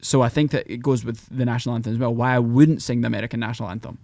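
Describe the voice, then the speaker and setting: A man with a Scottish accent, a podcast guest who talks in animated, rambling bursts. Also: medium pitch, very fast, no echo, studio quality. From Scotland. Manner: animated, rambling, breaks into mock voices. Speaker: podcast guest, country singer. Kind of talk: casual podcast chat.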